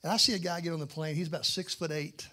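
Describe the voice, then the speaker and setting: A man, a pastor, telling a humorous personal story in a sermon, animated and self-mocking, acting out the dialogue. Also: a little high, fast.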